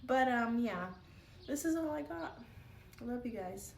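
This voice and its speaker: A woman's voice: on the high side, expressive, a little slow, vocal fry, echoey room, far from the mic. Tired woman streamer, loose casual chat with pet baby talk; faint background noise. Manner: sleepy, talks baby talk to her pet. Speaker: live streamer.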